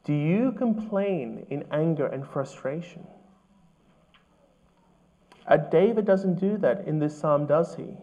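Male pastor, sermon delivery, earnest and measured, fairly high voice, muffled sound. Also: animated, dark tone. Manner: earnest, measured preaching with rhetorical questions.

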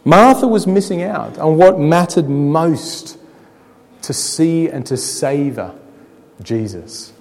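A man preaching a sermon, telling the story dramatically with rhetorical questions, slowing down and dropping quiet to make points. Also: on the high side, expressive. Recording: long hall reverb.

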